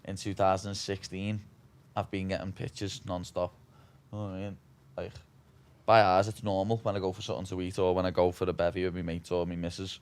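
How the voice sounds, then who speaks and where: A man's voice: low voice, flat delivery, brisk, a little mellow, smooth. A man in his twenties from Liverpool with a Scouse accent, telling stories in a casual interview, swearing freely and saying "lad" constantly. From Liverpool, England. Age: 20s. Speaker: guest, fighter.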